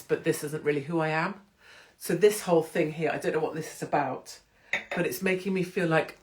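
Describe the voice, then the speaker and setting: A woman from England with a British accent, hosting her own live stream from home in a chatty, irreverent, oversharing way. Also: low voice. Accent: British English. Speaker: host of a live-streamed show. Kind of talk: casual live-stream chat. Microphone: phone or computer live stream.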